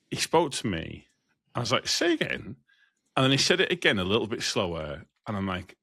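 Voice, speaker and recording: A man co-hosting a casual podcast, telling stories in an animated, exasperated way. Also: fairly low pitch, no room sound, clean studio sound. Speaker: podcast co-host, truck driver.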